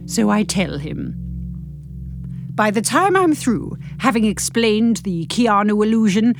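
Expressive woman reading a novel. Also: medium pitch, slow, faint music behind. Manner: expressive, playful, first-person storytelling. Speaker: audiobook narrator. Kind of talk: reading a novel aloud, casual asides.

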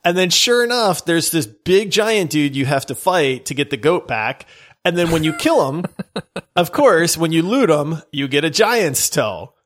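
A man co-hosting a gaming podcast, retelling a quest in an animated, laughing way. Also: on the high side, unhurried. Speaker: podcast co-host. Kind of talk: casual chat.

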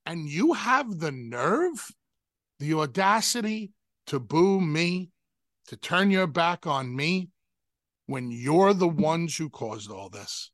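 A man doing a slow, sarcastic wrestler promo. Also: fairly high pitch, sing-song, fairly bright tone, no echo, clean studio sound, voice pushed down, full character voice. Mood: accusing. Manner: sarcastic questioning tone, slow and pointed. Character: aggrieved male pro wrestler questioning the crowd.

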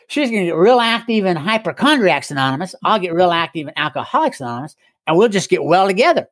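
A man's voice: sits high, sing-song, fast talker, a bit bright, dry recording. A middle-aged man telling his own story casually, with wry, self-mocking humor and frequent chuckles. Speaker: guest speaker in recovery.

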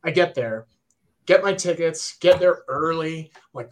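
A man in his thirties, a guitarist, telling a story in casual chat, animated and excitable, full of "like" and "right?". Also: on the high side, unhurried.

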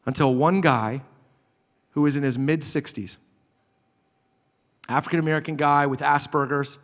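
A man preaching a sermon as pastor, impassioned, swinging from loud emphasis to a soft hush. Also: fairly high pitch, steady tone, normal speed. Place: church sanctuary. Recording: long hall reverb.

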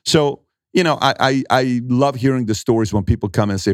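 A middle-aged man, an entrepreneur, telling animated stories in a conversational interview and acting out what people said. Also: medium pitch, a little fast, no room sound, clean studio sound. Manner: animated storyteller acting out quotes, emphatic.

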